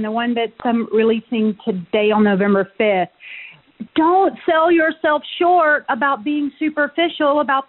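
A woman leaving a voicemail for the hosts, earnest and encouraging like a coach. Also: high-pitched. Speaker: voicemail caller. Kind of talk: voicemail message. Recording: phone-line voicemail.

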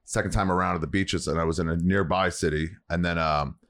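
A man chatting casually on a podcast, telling animated stories and swearing freely. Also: low voice, fast talker. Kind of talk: casual chat.

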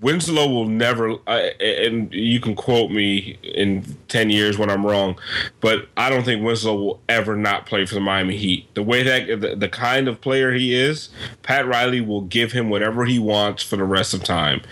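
A man's voice: on the low side, normal speed, a bit bright. A man co-hosting a podcast, talking sports in an emphatic, argumentative way. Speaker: podcast co-host. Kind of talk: casual sports chat.

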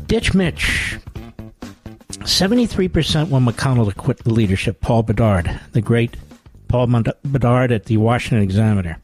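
A man's voice: mid-range voice, expressive, moderate pace, soft background music. A man hosting a radio talk show, delivering a sarcastic, mocking monologue full of rhetorical asides into a studio microphone.

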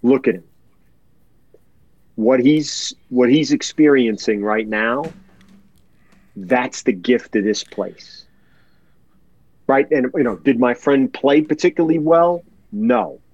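Man guest, heartfelt storyteller who repeats words for emphasis; slow, dry, slightly muffled recording. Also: mid-range voice, expressive, creaky, darkish tone, no room sound. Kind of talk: heartfelt storytelling in a podcast chat.

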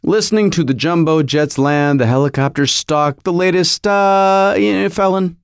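A man's voice: on the high side, moderate pace, clean tone, no echo. A man hosting his podcast from a garage home studio, rambling and joking with lots of fillers and restarts. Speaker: podcast host. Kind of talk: casual rambling monologue.

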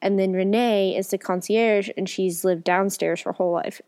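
A woman's voice: mid-range voice, fairly even intonation, normal speed, a little mellow. A woman with a cold co-hosting a casual book podcast, rambling and correcting herself. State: has a cold. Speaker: podcast co-host. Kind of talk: casual book review chat.

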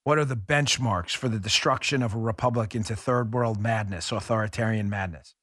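A man's voice: on the low side, a little fast, fairly bright tone, dry recording, studio quality. A man hosting a political podcast, delivering an angry, sarcastic commentary monologue with emphatic, repeated phrases. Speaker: podcast host.

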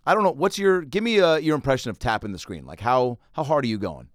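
Fast-talking man telling stories. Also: mid-range voice. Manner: animated storyteller, acts out people. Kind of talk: casual storytelling chat.

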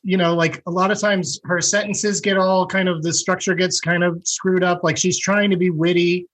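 A man appearing as a guest on a comedy podcast, giving halting, amused commentary. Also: high voice, little pitch movement, a bit bright, rough recording. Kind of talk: casual comedic chat.

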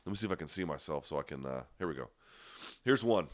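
A man with a deep voice and a stuffy nose chats casually with viewers on a live stream. He restarts sentences often and leans hard on his points. The sound is close and dry, with no room around it. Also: expressive, fast, dry recording. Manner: conversational, frequent restarts and fillers, emphatic asides. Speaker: livestream host. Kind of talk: casual live chat answering viewer questions.

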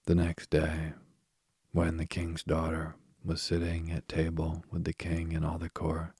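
Man, storybook narration, very deep, dry close sound. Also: breathy edge, no room sound. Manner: slow, even, monotone. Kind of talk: storybook reading.

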